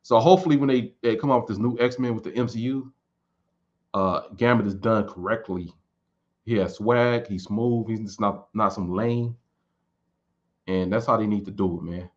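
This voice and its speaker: A man in his late thirties chats loosely with his viewers. His voice sits a bit low, and he wanders and repeats words as he thinks. The recording sounds dull and lo-fi. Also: normal speed. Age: 30s. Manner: relaxed, rambling, repeats words while thinking. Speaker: streamer answering viewer questions. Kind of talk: casual chat.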